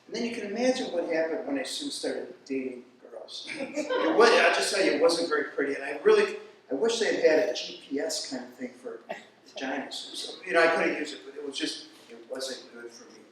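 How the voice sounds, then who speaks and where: Stand-up comic, man with a high voice, storytelling, heard from afar in a boomy room. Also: fairly quick, a crowd in the background. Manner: storytelling, animated voices for quoted people. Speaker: stand-up comedian. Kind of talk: stand-up comedy routine. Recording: echoey room, mic far off.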